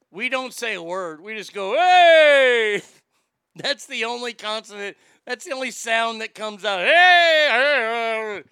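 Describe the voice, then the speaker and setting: A man's voice: high-pitched, clean tone, no room sound, clean studio sound. A man streaming casually, mocking etiquette advice with a crude, sarcastic, profane manner. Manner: animated, jumps into loud shouts. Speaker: streamer reacting to etiquette tips.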